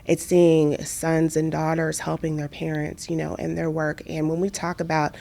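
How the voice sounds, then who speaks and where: Low-pitched woman being interviewed, earnest and heartfelt, talks about her work. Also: moderate pace, creaky. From Kansas. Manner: earnest, testimonial, animated when retelling stories. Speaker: interview guest, entrepreneur and author. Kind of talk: reflective conversational interview.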